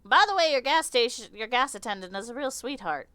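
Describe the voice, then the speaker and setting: A woman's voice: a little high, expressive, pushed and bright, clear, resonant tone, dry recording, pitched above the performer's own voice. A woman putting on a haughty insect lady. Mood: sarcastic. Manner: haughty, sarcastic, hurried. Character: impatient sarcastic insect mother with mandibles.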